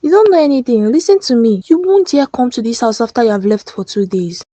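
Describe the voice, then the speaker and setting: A fiery young Nigerian wife in a cartoon, sharp-tongued and quick to confront. Her voice sits a little high, with a warm, mellow tone. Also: animated. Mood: angry. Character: fiery young married woman, outspoken. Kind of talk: cartoon voice acting.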